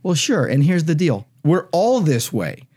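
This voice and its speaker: Mellow-voiced pastor teaching scripture. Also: male voice, a little high, big pitch swings, measured pace, husky. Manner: emphatic, explanatory, reads scripture aloud. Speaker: pastor and podcast co-host. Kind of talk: conversational Bible teaching.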